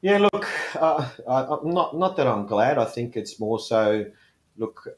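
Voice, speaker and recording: A man speaking as a football coach, answering interview questions in a measured way, leaning on "look" and "I think". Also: medium pitch, expressive.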